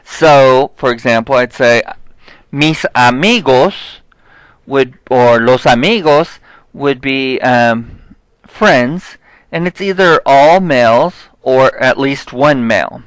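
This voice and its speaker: A male Spanish teacher walks through articles and plurals at a slow, patient pace. He sounds out each example word with care and keeps asking "okay?" between points. His voice is mid-pitched and recorded dry, with no room sound. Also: clean tone, dry recording, poor audio. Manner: explains step by step, checks with "okay?"; spells out example words slowly. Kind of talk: recorded classroom lesson.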